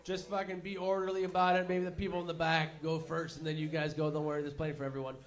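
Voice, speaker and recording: A man's voice: on the high side, level tone, fast talker. A male host announcing a break and plans casually at a live show. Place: live show venue with music.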